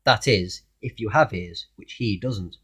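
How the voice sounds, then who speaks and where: A man reading a children's storybook aloud in an expressive way, asking the listener questions along the way. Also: lowish voice, a little slow, slightly rough. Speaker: narrator reading a children's book.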